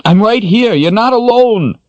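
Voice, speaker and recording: A man's voice: sits high, dry recording, lo-fi sound, voice pushed up. A male narrator voicing a young man who pleads urgently, raising his voice above the narration. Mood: desperate. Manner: urgent pleading shifting to calm, slow reassurance. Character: young man, desperate then calm and steadying.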